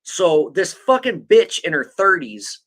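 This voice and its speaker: A man's voice: sits high, very animated, unhurried, fairly bright tone. A man hosting a podcast, chatting casually about true crime in a blunt, profane, mocking way, rambling with lots of fillers. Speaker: podcast host.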